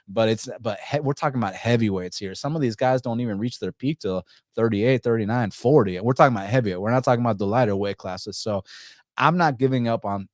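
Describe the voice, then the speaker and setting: A man's voice: mid-range voice, a little mellow, no room sound, studio quality. A man hosting a casual fight-betting show, rambling and profane, with many restarts. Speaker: podcast host.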